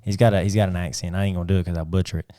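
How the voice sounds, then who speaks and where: A man in his twenties, chatting casually on a podcast and telling animated stories in which he acts out other people's lines. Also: deep voice, very fast, no echo, studio quality. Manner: animated storyteller who acts out quotes. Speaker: podcast co-host. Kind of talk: casual chat.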